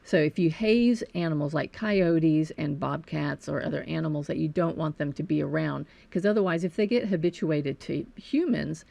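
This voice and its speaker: Low, gravelly woman telling lively stories. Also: normal speed, hardly any pauses, no echo. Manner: animated storyteller, informative. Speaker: nature center director. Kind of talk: casual interview.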